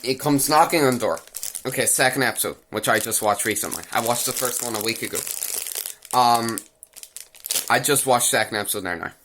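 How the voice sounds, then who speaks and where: In a casual ranting recap, a young anime reviewer crudely mocks an episode, rambling and repeating phrases as he goes. His medium-pitched voice is fairly quick, pushed and bright, with slight background noise.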